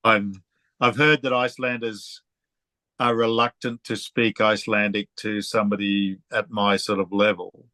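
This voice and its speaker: An Australian man interviewing a guest in a relaxed way, telling stories and laughing often. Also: fairly low pitch, normal speed, no room sound. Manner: chatty, storytelling, laughs often. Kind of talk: casual conversational interview.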